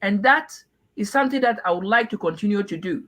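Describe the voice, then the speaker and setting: A middle-aged Ghanaian man from Ghana, giving earnest, measured interview answers with frequent restarts. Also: high-pitched, expressive, pushed and bright, low-quality recording. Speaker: party aspirant guest.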